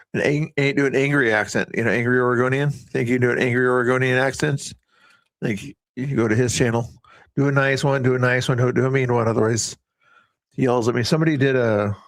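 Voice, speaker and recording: A man with a medium-pitched voice hosts a casual livestream, rambling and often cutting himself off mid-sentence. There's no room sound.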